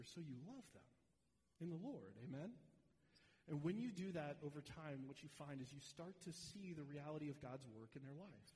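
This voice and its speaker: A man's voice: a little high, a little mellow. Male pastor, sermon, earnest and direct, upper register, long hall reverb. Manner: earnest, direct, speaks to the congregation.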